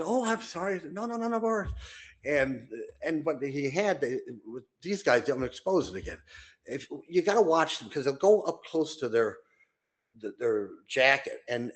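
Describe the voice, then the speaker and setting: An older man co-hosting a casual podcast rambles from one anecdote to the next, full of fillers, restarts, and false starts. His voice rests at a middle pitch with lively intonation and moderate pace, but jumps suddenly high whenever he acts out someone's words.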